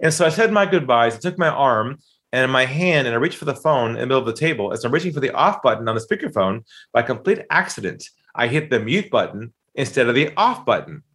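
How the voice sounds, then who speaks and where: Man, animated storytelling, emphatic delivery, acts out voices. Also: medium pitch, quick pace. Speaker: sales trainer guest telling a story.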